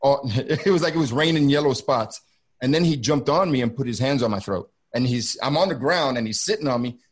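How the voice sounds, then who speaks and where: A middle-aged man, a former federal border agent, telling a gripping first-hand story on a video call in an intense, halting way that keeps circling back and repeating itself. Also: mid-range voice.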